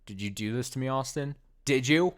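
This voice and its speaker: A man's voice: medium pitch, a little fast, slight background noise, voice pushed up, close to an everyday voice. Heartbroken game girl, as a man reads her lines. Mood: pleading. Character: heartbroken young woman, a game character. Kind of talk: reading game dialogue aloud.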